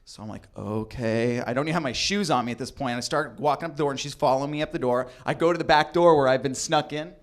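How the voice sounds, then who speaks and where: A young adult man telling a comedic true story, animated and acting out the people in it. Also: mid-range voice, quick pace, hardly any pauses. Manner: animated, acts out voices in quotes.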